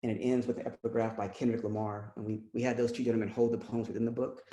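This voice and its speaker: Soft-toned man reading poems over a video call. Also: mid-range voice, flat delivery, highs cut off. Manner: measured, halting between poems with many ums. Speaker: poet reading his work. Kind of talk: poetry reading with spoken introductions. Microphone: computer mic on a video call. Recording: echoey video call audio.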